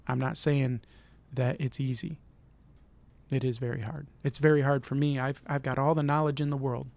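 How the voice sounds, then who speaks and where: A man's voice: medium pitch, level tone, normal speed, vocal fry, a little mellow. A middle-aged man from Michigan hosting his own vlog, giving an earnest, encouraging motivational talk and often repeating himself. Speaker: vlog host.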